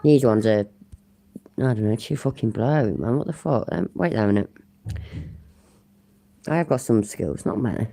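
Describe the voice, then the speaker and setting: A woman with a low voice that swings widely as she talks, reacting bluntly to a clip and swearing offhand. Her tone is casual, chatty and full of asides. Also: animated, moderate pace, long pauses, warm tone. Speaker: channel host reacting to a clip. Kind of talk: casual commentary.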